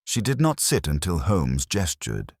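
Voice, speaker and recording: Male storyteller, very deep and husky, dramatic scripted narration. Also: huge pitch swings, measured pace, darkish tone, no room sound, clean studio sound.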